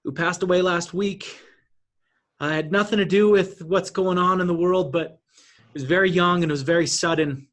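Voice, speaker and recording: Male host with a high voice for a live video-call speaker series, upbeat and sincere. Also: steady tone, normal speed, a bit bright. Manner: enthusiastic, then emotional during tribute. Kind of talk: live online event hosting.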